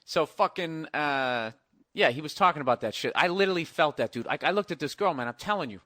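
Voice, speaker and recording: Forceful, profane male storyteller. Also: a little high, animated, quick pace, no echo, clean studio sound. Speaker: podcast co-host. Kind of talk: casual chat.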